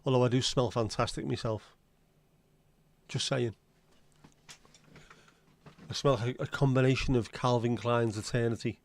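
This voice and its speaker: A man's voice: mid-range voice, steady tone, measured pace, long pauses. A man hosting a casual livestream, rambling and chatting as he answers viewer comments. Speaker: livestream host reading viewer chat. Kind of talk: casual chat.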